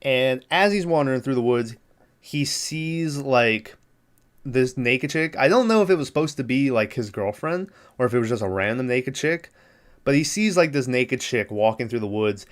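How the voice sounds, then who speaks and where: A man's voice: medium pitch, animated, moderate pace. A male podcast host casually recapping a film, rambling with lots of fillers, laughing and acting out the characters' lines.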